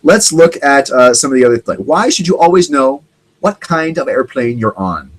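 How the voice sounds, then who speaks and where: A man hosting a casual solo talk show rambles with animation, sometimes putting on other people's voices. He speaks in a mid-range voice at a moderate pace, on a low-quality recording.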